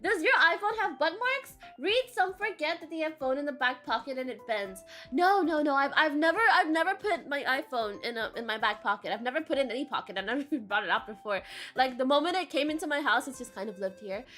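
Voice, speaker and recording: A high, bright young woman chats casually on a home stream, reading out chat and swearing freely between stories. She breaks into squealing laughs, and faint music plays underneath. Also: lively intonation, fast.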